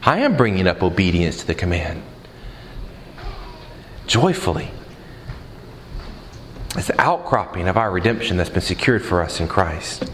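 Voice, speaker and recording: A man's voice: medium pitch, big-room sound, a little hiss or hum, poor audio. A man preaching a sermon in a conversational way, asking the crowd questions and mixing in humor.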